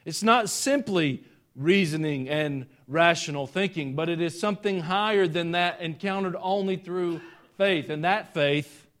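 A man's voice: on the high side, a little slow, a bit bright. Southern-accented male preacher. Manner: preacherly, rises and falls in volume. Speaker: pastor. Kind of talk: sermon.

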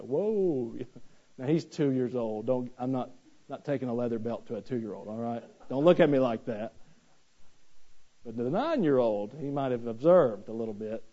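A man's voice: mid-range voice, mellow, lo-fi sound. A man, preaching a sermon in a folksy, conversational way with touches of humor, recorded in a church. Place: church sanctuary.

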